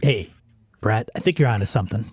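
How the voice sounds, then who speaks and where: A man's voice: fairly low pitch, expressive, a little fast, slightly rough, dry recording, studio quality. A man co-hosting a gaming podcast, talking thoughtfully and restarting his sentences. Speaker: podcast co-host. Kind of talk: casual podcast chat.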